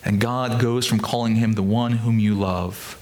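A man preaching a sermon as a pastor, talking through scripture and acting out the quoted speech with lively emphasis. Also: on the low side, measured pace, noisy background.

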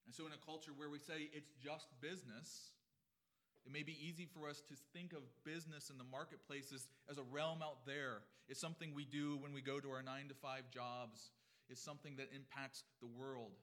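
A man's voice: mid-range voice, fairly even intonation, normal speed, fairly bright tone. A man preaching a sermon in a church, earnest and emphatic, building up and then dropping back. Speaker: pastor. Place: church sanctuary.

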